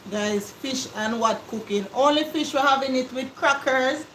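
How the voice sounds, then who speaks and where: Woman, Jamaican accent, patois, casual cooking-stream chat, slightly high, roomy kitchen echo, faint noise. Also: moderate pace. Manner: lively talk in patois, lists things off. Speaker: co-host of a cooking live stream.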